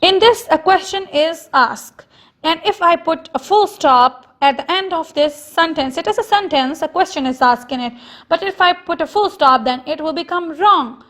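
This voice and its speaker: Woman teacher, high-pitched, from Pakistan, patient and repetitive, drawn-out example sentences. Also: expressive, a bit bright. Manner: slow, repetitive explaining with stressed example sentences. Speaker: school teacher. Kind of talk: recorded online lesson.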